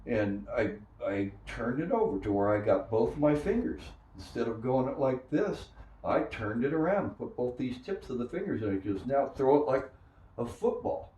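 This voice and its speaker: An older man recalling his days as a minor league pitcher, telling stories and acting out the voices of others. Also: moderate pace. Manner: animated storyteller who acts out quoted voices. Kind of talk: storytelling interview. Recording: echoey room, distant mic.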